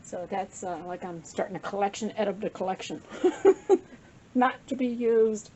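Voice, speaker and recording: In her craft vlog, an older woman rambles casually through her supplies, a little winded and correcting herself as she talks. She has a medium-pitched, darkish voice at a fairly quick pace, and the rough recording has slight background noise.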